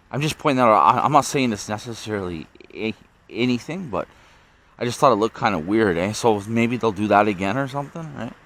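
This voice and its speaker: A man's voice: fairly low pitch, fairly bright tone, slight background noise. A man rambling to his camera outdoors at night, repeating himself, swearing and ending sentences with "eh?". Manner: repetitive, profane, tags sentences with "eh?". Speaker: vlogger.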